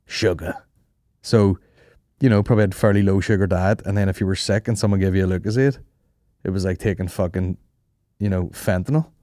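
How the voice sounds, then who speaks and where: Profane man, low voice. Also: brisk, dark tone, no room sound, studio quality. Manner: profane, rambling, laughs often. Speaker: podcast host. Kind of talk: casual comedic storytelling.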